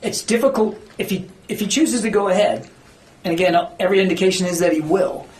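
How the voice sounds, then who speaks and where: A man with a fairly high, slightly fast and somewhat mellow voice plays a government spokesman fielding reporters' questions at a press briefing. He speaks earnestly and emphatically, occasionally searching for words, and the briefing room sounds echoey.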